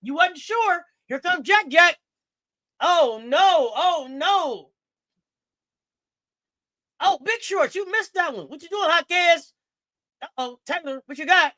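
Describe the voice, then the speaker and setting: A woman hosting a live game watch-along, talking casually in slang, reacting loudly and shouting encouragement at the players. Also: very high voice, lively intonation, takes it slowly, pauses often. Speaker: sports stream host.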